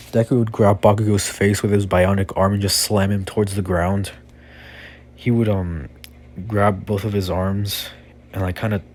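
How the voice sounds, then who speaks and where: A man's voice: lowish voice, a little mellow, slight background noise. A young man improvising a fan-fiction story in a rambling, casual way, full of fillers.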